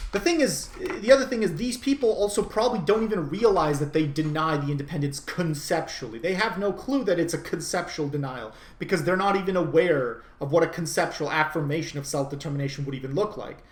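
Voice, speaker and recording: A man speaks with insistent, argumentative emphasis, restarting and circling back on his phrases. His voice sits a little high for a man, and it rings out in a noticeably echoey room. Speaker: commentator. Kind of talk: unscripted monologue.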